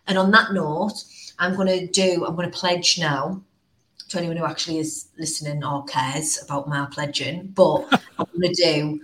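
A woman from the north of England hosting a casual podcast chat, telling stories with animated, exasperated asides. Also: low voice, moderate pace. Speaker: podcast host.

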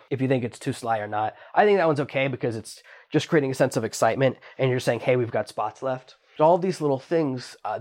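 A man teaching online selling at a quick clip. He keeps it chatty and conversational, and he lifts his voice to act out what customers and sellers say. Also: mid-range voice. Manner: quick, chatty, acts out quoted lines in a raised voice. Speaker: online business instructor. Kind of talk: teaching monologue.

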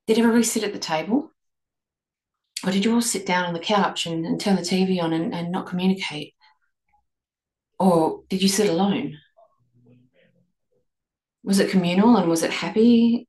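A woman's voice: fairly low pitch, normal speed, long pauses. Woman asking guiding questions. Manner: asks many guiding questions, gentle restarts. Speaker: podcast host and eating coach. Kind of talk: reflective podcast talk. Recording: echoey room.

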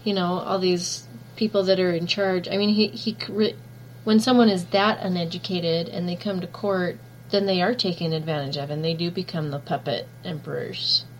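A woman with a fairly low voice reflecting on a book in relaxed conversation. She speaks softly and thoughtfully, and a faint hum runs behind her. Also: moderate pace, rough recording. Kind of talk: casual book discussion.

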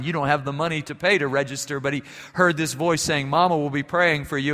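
A man preaching a sermon as pastor, telling stories and moving between quiet, hushed passages and emphatic ones. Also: fairly high pitch, in a large hall.

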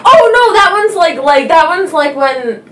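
A woman chatting casually as a guest, animated and quick to laugh. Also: very high-pitched, roomy sound, far from the mic, very noisy. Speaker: guest family member. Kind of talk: casual chat.

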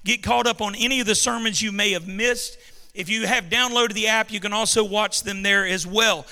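A male pastor delivers an emphatic sermon in a very high, piercingly bright voice. He calls out to the congregation and has them repeat lines back. His voice rings out with a long reverb through a large church hall. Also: fairly even intonation, moderate pace. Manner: emphatic call-and-response preaching.

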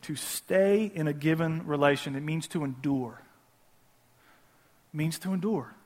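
A man with a high voice delivers a casual sermon as a preacher. He repeats key phrases for emphasis and keeps turning to the audience with conversational asides. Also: a little slow, darkish tone.

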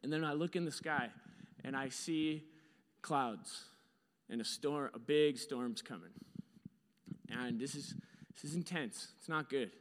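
A man's voice: mid-range voice, unhurried, long pauses, in a large hall. A young man telling a story with slides in a casual, rambling way. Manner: casual, rambling, lots of fillers.

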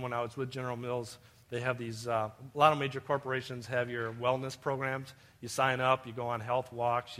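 Man preacher, storytelling sermon, mid-pitched voice. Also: a bit bright. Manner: storytelling, addresses listeners as beloved. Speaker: pastor.

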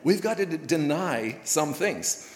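A man's voice: a little high, animated, unhurried. Male pastor, casual folksy delivery, reverberant hall sound. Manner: folksy, conversational preaching with many fillers. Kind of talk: sermon. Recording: echoey hall recording.

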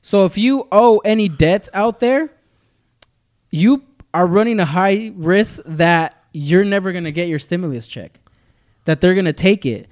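A man's voice: high-pitched, expressive, measured pace, a little mellow. A man co-hosting a podcast, chatting loosely and profanely, laughing between lines. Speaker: podcast co-host. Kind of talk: casual chat.

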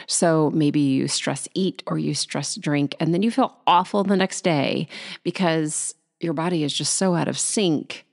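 A woman hosting a solo podcast about anxiety, talking quickly and acting out anxious inner thoughts. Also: deep voice, gravelly, a little mellow. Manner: fast, tumbling, acts out anxious inner voices. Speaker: podcast host.

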